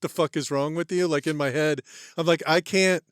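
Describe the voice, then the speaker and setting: A man's voice: a little high, fairly even intonation, normal speed, clear, resonant tone, no room sound, studio quality. A man co-hosting a comedy podcast, rambling with stammered restarts, swearing, and laughing. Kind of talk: casual comedic banter.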